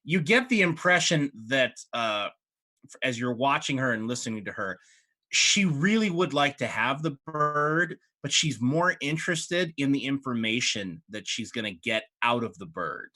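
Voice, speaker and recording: A man narrating a tabletop game as game master, in an animated storytelling manner. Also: medium pitch, moderate pace.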